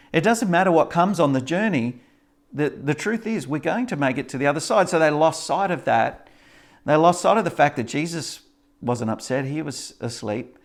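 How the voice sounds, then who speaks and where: A male pastor preaching a sermon, retelling a story with lots of fillers. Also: fairly high pitch. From Australia.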